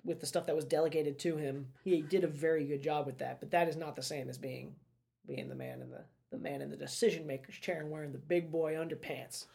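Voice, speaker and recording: Low-voiced woman, wry sports chat. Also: expressive, fairly quick, gravelly, warm tone. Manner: chatty, wry, joking. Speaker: podcast co-host. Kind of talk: casual sports talk.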